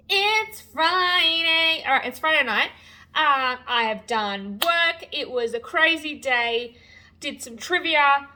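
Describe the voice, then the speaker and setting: A young woman chatting casually to camera as a book vlogger, animated and full of fillers. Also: sits high, background noise. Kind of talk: casual vlog chat.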